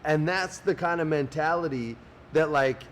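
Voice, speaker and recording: A man's voice: a little high, normal speed, slight background noise. A man co-hosting a podcast, chatting casually and swearing freely. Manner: swears freely, acts out quoted people in animated voices. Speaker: podcast co-host. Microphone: podcast studio mic.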